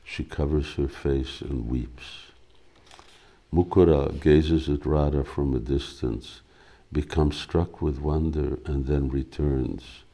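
A man reads a devotional drama aloud in a slow, deliberate way, adding hesitant asides of his own. His voice is extremely low, dark and gravelly. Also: steady tone. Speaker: reader.

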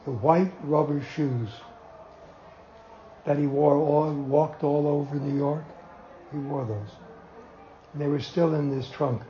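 Slow older man telling a story. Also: a little high, reverberant, muffled recording, a little hiss or hum. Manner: slow, animated storyteller who acts out quotes and chuckles. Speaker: devotee telling memories. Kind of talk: anecdotal storytelling to a small group.

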